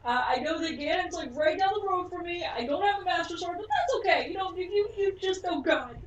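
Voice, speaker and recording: A woman's voice: very high-pitched, lively intonation, brisk, dull audio. A woman playing a flustered, nervous villager. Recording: roomy, distant mic, faint room hum.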